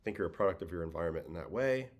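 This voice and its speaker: Low-voiced brooklyn guy, faint ny-boston accent, tired, chatting with his stream about baseball stuff. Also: very fast. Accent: faint New York-Boston. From Brooklyn, New York. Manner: relaxed, conversational, reads chat questions aloud. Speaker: livestream host, former pitcher. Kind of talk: casual livestream chat answering viewers.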